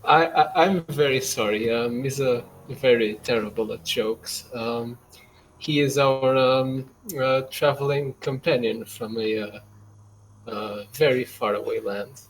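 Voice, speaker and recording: A man's voice: mid-range voice, measured pace, a little hiss or hum, rough recording. Hesitant tabletop player man. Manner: casual, hesitant, apologetic in character. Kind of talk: casual tabletop game play.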